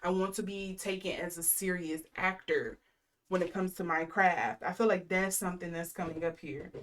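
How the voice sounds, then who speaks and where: A woman's voice: on the low side, steady tone, moderate pace, fairly bright tone. A woman in her thirties giving a casual intuitive tarot reading. She rambles with lots of fillers and reels off lists of card keywords. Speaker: tarot reader.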